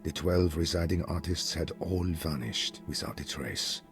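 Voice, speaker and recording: Deep-voiced grave game narrator, slow measured storybook telling. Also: male voice, over music. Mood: solemn. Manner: measured, solemn delivery. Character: grave male narrator reading an old account. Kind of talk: scripted narration.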